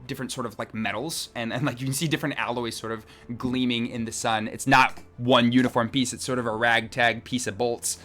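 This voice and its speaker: A man's voice: medium pitch, fairly even intonation, fairly quick, hardly any pauses, sharp tone, soft background music. A man narrating as game master of a tabletop game, rambling and descriptive with many restarts.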